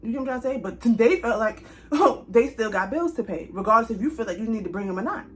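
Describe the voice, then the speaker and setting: A young woman telling a casual storytime straight to her viewers, chatty and animated, with speech. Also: a little high, quick pace, very noisy. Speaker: vlogger.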